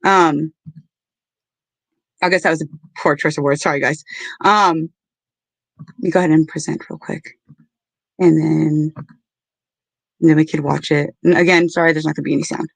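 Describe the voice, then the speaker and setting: A woman hosting a casual livestream, talking in an earnest, halting and apologetic way. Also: deep voice, fairly even intonation, vocal fry, no room sound. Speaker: livestream host.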